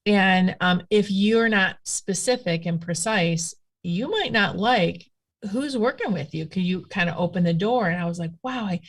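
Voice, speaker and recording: A woman who practices witchcraft appears as a guest in a casual conversation, telling stories in a chatty, rambling, animated way with plenty of fillers. Her voice is medium-pitched and moves at a moderate pace.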